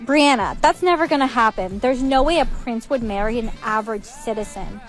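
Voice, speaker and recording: A woman's voice: a little high, lively intonation, fairly quick, faint music behind, close to an everyday voice. A woman voicing a blunt know-it-all teen girl. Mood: matter-of-fact. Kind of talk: animated story acting.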